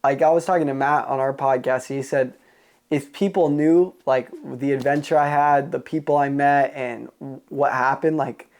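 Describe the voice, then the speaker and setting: Gravelly podcast host. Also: mid-range voice, steady tone, moderate pace, a little mellow. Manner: short prompts and affirmations. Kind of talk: casual interview chat.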